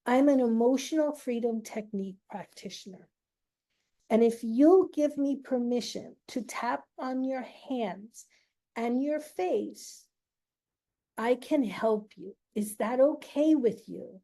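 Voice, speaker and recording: A woman voicing a calm, gentle female practitioner, speaking softly and slowly to reassure someone. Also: a little high. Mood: gentle, reassuring.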